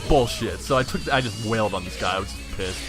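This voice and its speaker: A man giving casual gameplay commentary, excitable, swearing and stumbling over his words, with faint game music behind. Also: fairly low pitch, quick pace. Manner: excitable, swears, stammers and restarts. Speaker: let's play commentator.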